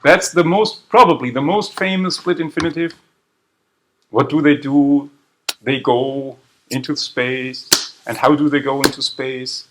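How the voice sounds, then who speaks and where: A man from southern Germany, lecturing a university seminar class in a lively way and quizzing students as he goes. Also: mid-range voice, a little slow, background noise. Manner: lively, quizzes the class, tags 'right?' after points. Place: lecture room. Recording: echoey room, voice far from mic.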